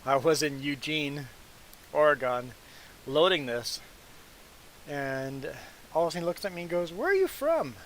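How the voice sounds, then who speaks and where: Chatty man from Canada, fairly high voice. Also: moderate pace, pauses often, a little hiss or hum, low-quality recording. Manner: relaxed, rambling storyteller who chuckles often. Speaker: gaming live streamer. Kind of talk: casual chat while playing a game.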